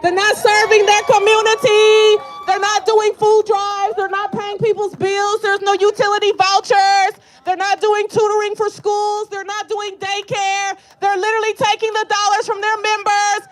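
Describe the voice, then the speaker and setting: A woman's voice: extremely high pitch, completely flat delivery, normal speed, hardly any pauses. A woman giving a fiery rally speech outdoors at a protest, leading the crowd in call-and-response chants. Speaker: protest speaker. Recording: faint outdoor noise.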